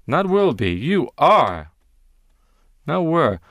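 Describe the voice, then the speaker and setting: Male Bible teacher, emphatic and questioning, very animated delivery, dry sound. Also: mid-range voice, slow, no echo. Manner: emphatic, questioning the listeners, stressing key words.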